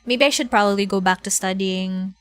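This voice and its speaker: A woman's voice: mid-range voice, fairly quick, no echo, soft background music. A young Filipino woman with a Filipino accent, chatting casually and giggling while streaming a video game. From Philippines. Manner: chatty, giggly, switches between English and Tagalog. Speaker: VTuber streamer. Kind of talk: casual game stream chat, reading game text aloud.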